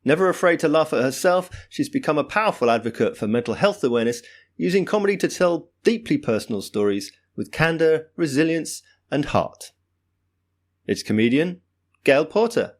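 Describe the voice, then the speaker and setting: A man's voice: fairly high pitch, animated, moderate pace. Man hosting a comedy interview. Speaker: podcast host. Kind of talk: scripted guest introduction, then interview questions.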